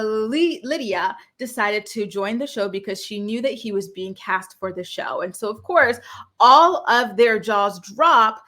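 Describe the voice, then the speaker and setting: A young woman recapping a reality show in a casual, opinionated way, indignant and animated, acting out quotes with sudden jumps in pitch.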